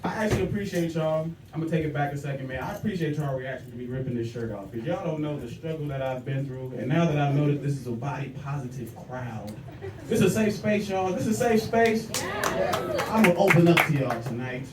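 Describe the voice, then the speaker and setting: A man doing a stand-up comedy set in a comedy club, animated and teasing, talking straight to the crowd. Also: on the high side, fast. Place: comedy club stage with a live audience. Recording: echoey club room from far off, loud crowd laughter.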